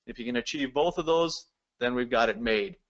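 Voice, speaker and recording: A man's voice: mid-range voice, fairly quick, highs cut off. A man giving a recorded lecture, explaining step by step and addressing the viewers directly. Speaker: presenter.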